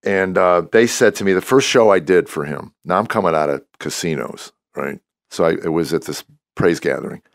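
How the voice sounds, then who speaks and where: A man in his sixties with a deep, gravelly voice tells animated stories as a podcast guest, acting out the lines of the people in them. The recording is close and dry, with no room sound. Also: normal speed, no echo. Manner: animated storyteller who acts out quoted dialogue. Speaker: comedian guest. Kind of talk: storytelling in a podcast interview.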